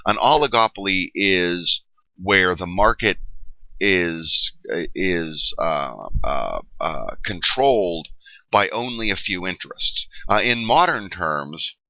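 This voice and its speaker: Lively, bright-voiced man lecturing a class. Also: sits low, takes it slowly, no room sound. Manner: explanatory, frequent "okay?" checks, many fillers. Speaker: history teacher. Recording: dull lo-fi dry recording.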